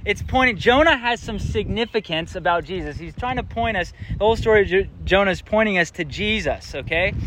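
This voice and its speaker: Young male preacher, casual and interactive, bright high voice. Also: a little hiss or hum. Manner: casual, asks the audience questions. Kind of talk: interactive sermon.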